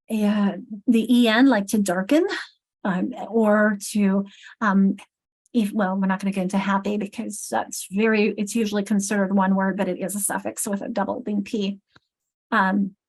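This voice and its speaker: A middle-aged woman leading a teacher training session, thinking aloud and correcting herself as she writes on the board. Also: a little high. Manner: thinks aloud while writing, self-correcting. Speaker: literacy trainer.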